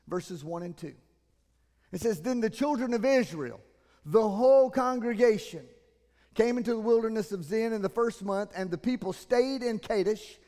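A man, preaching a sermon as pastor in a church, moving between loud emphatic passages and quiet, earnest asides. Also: high voice. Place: church sanctuary. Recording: long hall reverb.

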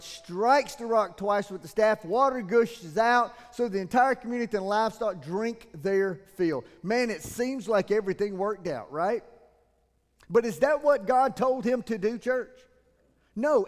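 A man, preaching a sermon as pastor in a church, moving between loud emphatic passages and quiet, earnest asides. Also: high-pitched. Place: church sanctuary. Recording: long hall reverb.

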